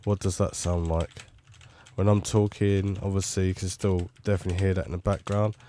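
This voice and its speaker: A man's voice: low voice, little pitch movement, fairly quick, mellow, slight background noise. A man talking casually and rambling a little as he tests a studio condenser microphone at his desk at home. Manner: rambling, chatty, self-commenting. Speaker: tech reviewer. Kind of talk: casual microphone test talk. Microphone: close studio condenser mic.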